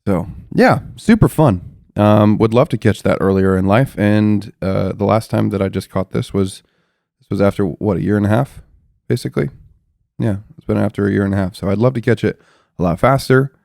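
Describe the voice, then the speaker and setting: Young male co-host, twenties, low and gravelly, earnest questioner, dry close sound. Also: fairly even intonation, fairly quick, darkish tone, no room sound. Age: 20s. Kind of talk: casual podcast conversation.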